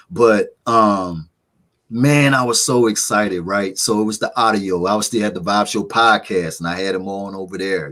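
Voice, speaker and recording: A man guesting on an interview, telling a lively, slangy story. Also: lowish voice. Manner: animated, full of slang and repeated "man". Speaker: podcast host, guest.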